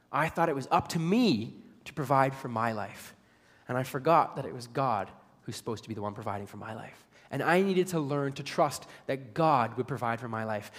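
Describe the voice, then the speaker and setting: Young male preacher, slightly high voice, earnest storytelling sermon, long hall reverb. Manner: earnest, storytelling, self-deprecating. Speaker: pastor.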